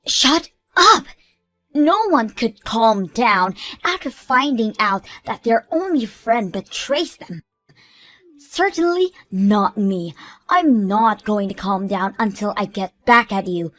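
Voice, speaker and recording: A woman voicing a furious, jealous young woman who shouts accusations at her friend, in an animated story. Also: medium pitch, slow pace, dry recording, soft background music.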